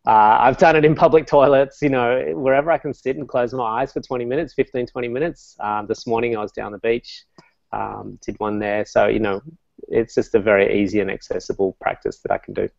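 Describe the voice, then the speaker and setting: A man, a meditation coach talking calmly and telling stories as an interview guest, with many fillers. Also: medium pitch, fairly quick, vocal fry, no room sound, dull audio. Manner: calm, storytelling, many fillers.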